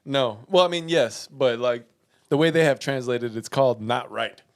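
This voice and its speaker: A man co-hosting a casual podcast, playfully quizzing his friend on slang words, spelling them out slowly and laughing often. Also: medium pitch, no room sound, clean studio sound. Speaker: podcast co-host. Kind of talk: casual chat.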